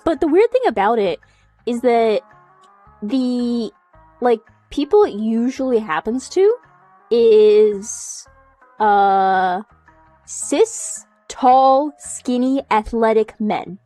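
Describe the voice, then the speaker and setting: A young woman streaming from home in casual chat, animated, swearing a lot and laughing often as she reacts to chat. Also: fairly high pitch, slow pace, no echo, faint music behind. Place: home room.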